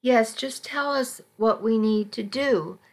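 Woman narrator doing a young boy in a storybook, eager little brother, unhurried. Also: a little high.

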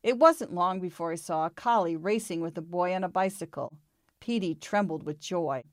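A woman reading a children's storybook aloud in a calm, expressive way. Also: on the low side, normal speed, no room sound, studio quality.

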